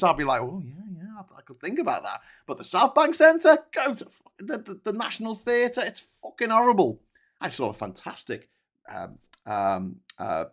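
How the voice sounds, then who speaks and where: A man hosting a casual commentary stream, ranting profanely and rambling with many restarts, sometimes breaking into shouted outbursts. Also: mid-range voice. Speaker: host.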